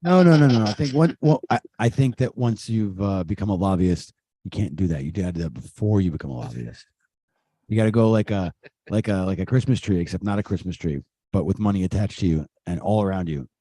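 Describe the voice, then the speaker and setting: A man's voice: sits low, animated, brisk, mellow, no room sound, clean studio sound. A man in casual chat on a video call, making joking, teasing suggestions.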